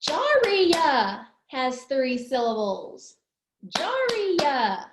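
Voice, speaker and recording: A woman teaching young children a lesson, slowly stretching words out syllable by syllable. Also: fairly high pitch, lively intonation, echoey room, noisy background. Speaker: preschool teacher.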